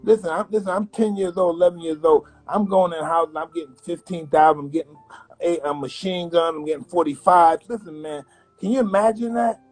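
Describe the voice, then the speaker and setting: A man in his fifties from the United States, a guest in an interview, telling blunt, animated stories and acting out other people's voices. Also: fairly high pitch, brisk, soft background music, rough recording. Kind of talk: candid interview storytelling.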